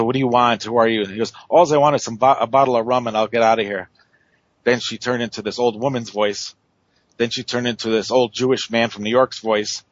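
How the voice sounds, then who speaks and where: A man's voice: on the low side, a bit bright, dry recording, dull audio. A man telling a story on a radio show, rambling with many fillers and restarts. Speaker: paranormal investigator guest.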